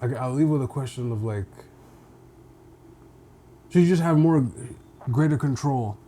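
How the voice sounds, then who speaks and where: A man co-hosting a podcast, rambling in a relaxed way with lots of fillers. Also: medium pitch, a little slow. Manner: relaxed, rambling, many fillers and repeated "right". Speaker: podcast co-host. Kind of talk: casual chat.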